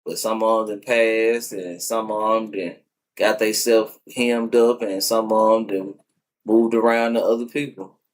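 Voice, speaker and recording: A man's voice: on the low side, fairly even intonation, measured pace. A man chatting casually on a livestream from his phone, wistful and full of slang as he rambles.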